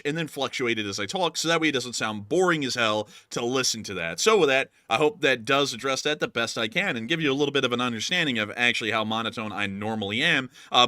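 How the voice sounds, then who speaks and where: A man co-hosting a casual livestream news show, raising his voice on air and dropping into a flat monotone to show how he really talks. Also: medium pitch, no echo, clean studio sound. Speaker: co-host.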